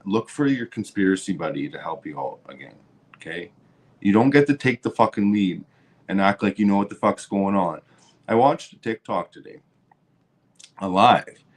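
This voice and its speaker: Swearing man on a rant. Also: on the low side. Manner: heated, swearing, repeats words when worked up. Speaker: podcast host. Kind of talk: profane political rant.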